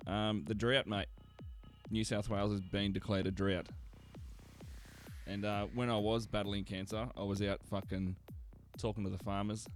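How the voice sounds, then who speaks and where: A lowish-voiced Australian man hosts a casual radio show, rambling through crude, sarcastic banter. He swears constantly and stalls on fillers as he goes. Faint music sits in the background.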